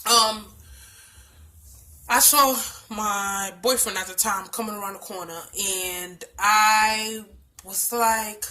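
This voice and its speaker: A storytime vlogger with a Bronx, New York accent shares a personal story in a casual vlog. Her medium-pitched voice moves slowly with fairly even intonation, yet her delivery is blunt and emphatic, full of swearing, and swings from hushed to loud.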